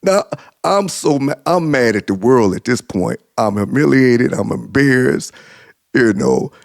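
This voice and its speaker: A man's voice: mid-range voice, expressive, measured pace, vocal fry, no room sound, clean studio sound. A man vlogger telling a personal story to the camera, chuckling through his words and repeating himself for emphasis.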